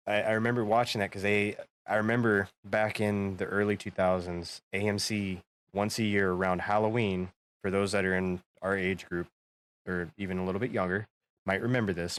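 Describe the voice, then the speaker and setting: A man with a fairly low voice co-hosts a podcast, talking in a relaxed, chatty way. He reminisces fondly, at an easy, conversational pace. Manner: nostalgic, chatty. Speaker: podcast co-host. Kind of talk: casual chat.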